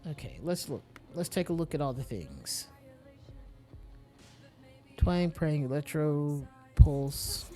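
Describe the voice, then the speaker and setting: A game streamer murmuring wry, casual commentary while playing. The voice stays at a middle pitch, with faint game music underneath. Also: very animated, slow pace, pauses often. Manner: quiet, wry, reads item names aloud.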